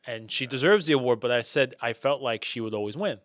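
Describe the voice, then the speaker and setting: A man who acts for a living talks earnestly about his work on a casual podcast. His voice sits at a middle pitch and sounds close and dry. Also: animated, a little fast, fairly bright tone, no room sound. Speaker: actor guest. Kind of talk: casual chat.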